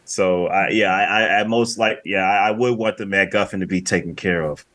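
A man's voice: low voice, moderate pace, fairly bright tone. A man casually chatting as a podcast co-host, rambling and often repeating his words. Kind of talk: casual movie review chat.

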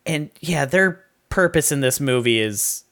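A man's voice: fairly high pitch, animated, unhurried, fairly bright tone. A man casually chatting as a podcast co-host, with wry, sarcastic asides. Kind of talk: casual movie review chat.

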